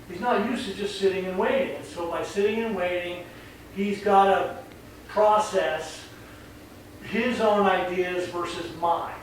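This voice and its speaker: A man's voice: high-pitched, steady tone, unhurried. A man working as a dog trainer, explaining in a chatty, rambling way and acting out voices. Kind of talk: casual explanation on camera. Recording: very echoey, distant mic, faint noise.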